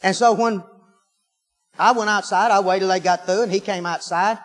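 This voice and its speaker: A man's voice: high voice, fairly even intonation, normal speed, a bit bright, faint music behind. A man preaching a sermon, telling folksy stories and breaking into fervent hallelujahs. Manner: folksy storytelling, rising into fervent exclamations. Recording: long hall reverb.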